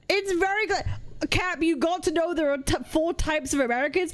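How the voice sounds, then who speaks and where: A young Welsh woman streaming live, chatting casually with frequent swearing and excitable, shouted rants. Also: very high voice, moderate pace. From Wales.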